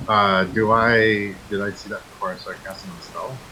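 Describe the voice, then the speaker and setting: A man playing in a tabletop game, giving relaxed, short replies. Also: fairly low pitch, normal speed, background noise. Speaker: player. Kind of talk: casual tabletop play.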